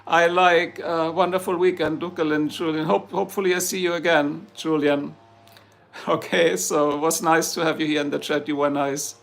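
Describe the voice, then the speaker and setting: A man's voice: a little high, level tone, moderate pace, vocal fry, fairly bright tone. A man with a German accent, a native German speaker, chatting casually on a livestream, joking and rambling as he answers viewers in the chat.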